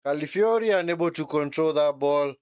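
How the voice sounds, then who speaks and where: Fairly high yet darkish, his voice is clear and resonant, moving a little fast in a dry, clean studio recording. He chats through a football watchalong with casual live commentary, reacting as he goes and often adding short tags like "man" and "eh."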